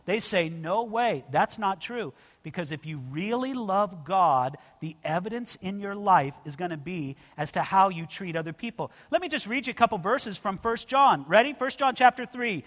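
A man's voice: high voice, lively intonation, normal speed, hardly any pauses, fairly bright tone. A man preaching an expository sermon in a church, earnest and direct, often calling his listeners friends. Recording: long reverb of a large hall.

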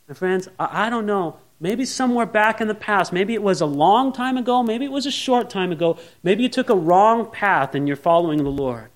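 Man, middle-aged pastor, high voice; earnest sermon delivery, shifts from hushed to pleading. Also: expressive, fairly quick, few pauses. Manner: earnest, swings between quiet asides and raised pleading.

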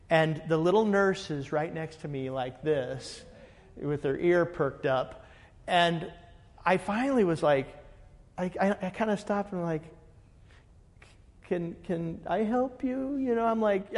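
A man, a pastor, telling a story in a lively way and acting out the dialogue. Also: high-pitched, in a large hall. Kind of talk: animated storytelling.

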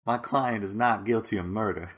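A man's voice: on the low side, normal speed, a bit bright, slightly rough. A man hosting a casual podcast quiz, playful and often laughing as he reads out answers. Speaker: podcast host running a quiz. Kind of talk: casual comedic chat.

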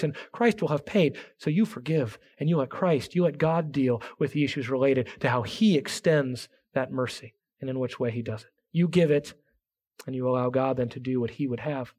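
A pastor preaching a sermon with earnest emphasis, reading scripture aloud and dropping to a hushed tone for key points. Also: male voice, on the high side.

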